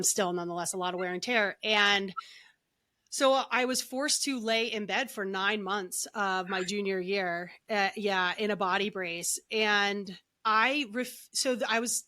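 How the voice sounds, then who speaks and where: Woman, middle-aged, podcast guest, bright tone, chatty, restarts mid-sentence. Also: mid-range voice. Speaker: guest, energy healer and author. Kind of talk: casual podcast interview storytelling.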